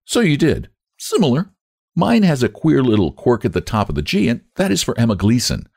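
A man's voice: medium pitch, wildly swooping pitch, a little fast, vocal fry, a little mellow, no echo, studio quality, voice pushed up, exaggerated voice. A man reading aloud and voicing a kindly, sentimental older woman in a raised, lilting voice.

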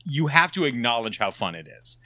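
A man co-hosting a casual podcast, laughing as he excitedly recounts movie scenes. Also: mid-range voice, a little fast, no room sound. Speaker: podcast co-host. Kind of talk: casual movie recap chat.

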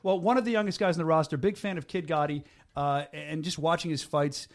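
A quick, slightly high-pitched male host talks fast in a studio, full of energy. He laughs often and trips over his own sentences as he rushes from one point to the next. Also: steady tone. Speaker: show host. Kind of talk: casual studio chat.

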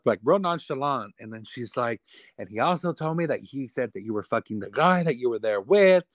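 A man in his thirties, appearing as an interview guest, tells a personal story in a casual, candid, and profane way. His voice is mid-range at a normal speed, and he acts out what others said in lively retellings.

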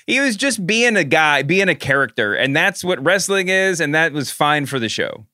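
A man's voice: fairly high pitch, sing-song, moderate pace, bright, forceful tone, dry recording, studio quality. A man from the American South co-hosting a podcast, chatting casually in rambling bursts with frequent restarts. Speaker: podcast co-host. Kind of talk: casual chat.

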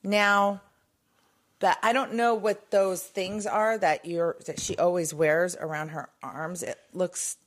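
Middle-aged female co-host, lower pitch, rambling gossipy delivery. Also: steady tone, takes it slowly. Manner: chatty, rambling with restarts and fillers. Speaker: show co-host. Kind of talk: casual gossip chat.

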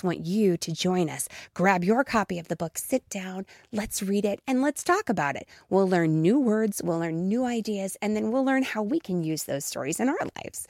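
A woman's voice: mid-range voice, darkish tone, no room sound, studio quality. A mother reading a promo for her storytime podcast in a friendly, upbeat way. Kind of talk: promo read.

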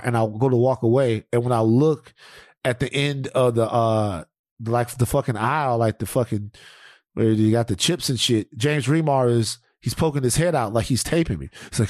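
Male podcast host, animated profane storyteller, dry sound. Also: mid-range voice, brisk, dry recording. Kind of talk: casual chat.

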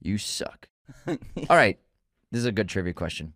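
A man's voice: low-pitched, lively intonation, moderate pace, a bit bright, no room sound, clean studio sound. A man co-hosting a movie podcast, chatting casually and quizzing his co-host. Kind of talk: casual chat, quiz questions.

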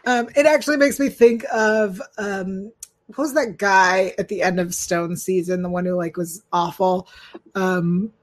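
A woman hosting a podcast in a relaxed, casual way, with many ums and short laughs. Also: medium pitch, unhurried. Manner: relaxed, lots of ums, laughs between lines. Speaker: podcast host. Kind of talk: casual chat.

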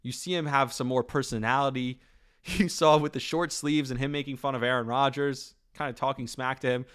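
A man hosting a podcast, talking about football in an animated, opinionated way with quick asides and restarts. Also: medium pitch. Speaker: podcast host. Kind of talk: casual sports talk.

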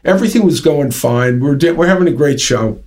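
A man's voice: on the high side, lively intonation, a little fast, darkish tone. Chatty man spinning a long anecdote. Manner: rambling anecdote with lots of fillers and restarts. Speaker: interview guest, drum company founder. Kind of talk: casual storytelling.

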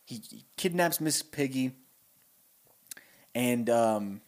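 A young man, a podcast co-host, pitching a story in casual chat and breaking into silly voices for the characters. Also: lively intonation, slow.

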